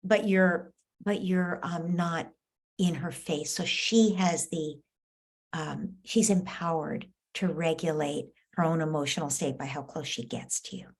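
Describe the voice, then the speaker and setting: Low-voiced woman coaching parents. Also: steady tone, measured pace. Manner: warm coaching tone, acts out parent and child lines. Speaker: parenting expert answering callers. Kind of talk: live Q&A advice session.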